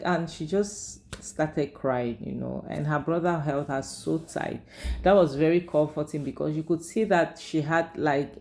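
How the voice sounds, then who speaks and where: Brief: Nigerian woman, casual recap commentary, low and mellow voice, chatty and animated. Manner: chatty, animated retelling with many fillers. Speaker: drama reviewer.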